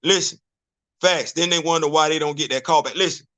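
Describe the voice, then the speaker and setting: High-voiced man, stammering livestream host. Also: a little fast, fairly bright tone. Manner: repetitive, stammering restarts, sings snatches of songs. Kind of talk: casual livestream commentary. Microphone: streaming setup.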